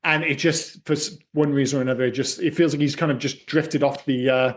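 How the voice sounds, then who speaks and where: A man's voice: medium pitch, steady tone, brisk. A man co-hosting a podcast, chatting casually about films, swearing freely and using lots of fillers. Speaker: podcast co-host. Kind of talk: casual film chat.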